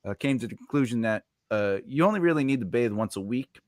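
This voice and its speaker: Lively rambling male stream host. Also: mid-range voice, quick pace, no echo. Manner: rambling, laughs often, many fillers. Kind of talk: casual chat on a live stream.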